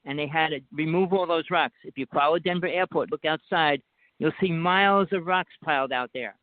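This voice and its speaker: Over a dry, tinny phone line, a guest caller with a New Jersey accent talks at length on a casual talk show, insistent and rambling, pressing on despite interruptions. His voice is on the high side and fairly quick, with no echo.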